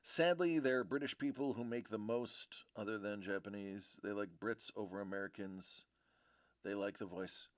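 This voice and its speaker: There's no room sound around this man's fairly low voice, which moves at a moderate pace. He hosts a livestream where he breaks trading cards, rambling and joking in casual banter with his live audience.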